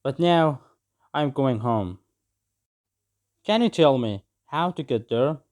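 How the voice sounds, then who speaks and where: A man voicing a small, gentle male parrot who is lost and homesick, speaking in a lightly raised, earnest voice. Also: medium pitch, animated, slow. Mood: hopeful.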